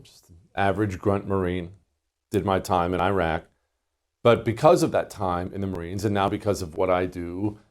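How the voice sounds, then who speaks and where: Emphatic lower-voiced male talk host. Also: darkish tone. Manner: emphatic, indignant. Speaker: radio show host. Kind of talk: political commentary monologue.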